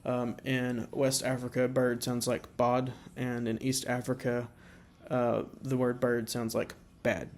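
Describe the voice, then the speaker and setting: A man talks through a slideshow in a level, flat voice, stopping often on uh and um. He slows down to spell out the sounds of example words. A faint hiss of background noise sits under the recording. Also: medium pitch. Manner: halting, many uh and um fillers. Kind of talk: informal slideshow presentation.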